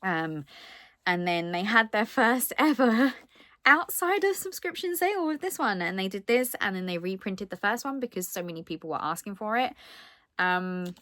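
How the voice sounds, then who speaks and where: A woman chatting excitedly through a book unboxing, with lots of ums and asides. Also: medium pitch, moderate pace, no echo. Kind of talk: casual unboxing chat.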